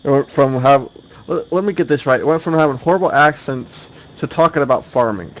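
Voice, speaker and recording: A man's voice: on the high side, fairly quick. Chatty young man calling a sim race. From Oklahoma, US South. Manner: chatty, laughs often. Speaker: race broadcaster. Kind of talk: sim racing commentary.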